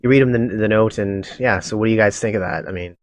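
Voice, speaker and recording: A man's voice: fairly low pitch, quick pace, no room sound. Male game master, casual and chuckling, dry close mic. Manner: relaxed, laughing, filler-heavy. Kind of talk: running a tabletop game online.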